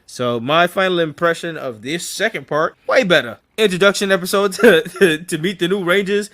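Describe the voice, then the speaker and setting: A young man talks casually on a podcast, his voice sitting a little high for a man. He is animated and loose, swearing freely and jumping into quick impressions of characters as he reviews an episode. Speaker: podcast co-host.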